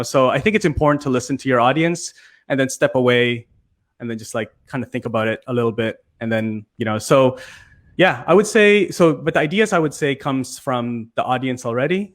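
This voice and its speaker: A man from Canada, a guest on a talk show, talking in a loose, chatty way with lots of fillers. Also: medium pitch. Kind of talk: casual interview chat.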